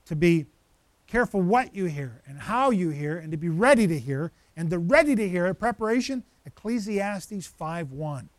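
A male pastor preaching a conversational sermon, lively and animated, with frequent asides to the congregation. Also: high voice, normal speed, no echo.

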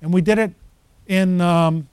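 A man preaching a sermon as pastor, animated and storytelling, acting out the voices of the people he quotes. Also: high voice, measured pace, clear, resonant tone, no echo.

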